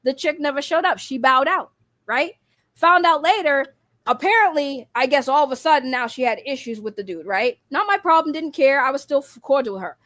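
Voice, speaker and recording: High-voiced woman ranting bluntly. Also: lively intonation, brisk, pushed and bright, dry recording. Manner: blunt, profane, mocking, laughs between jabs. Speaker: streamer calling out critics. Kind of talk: casual rant.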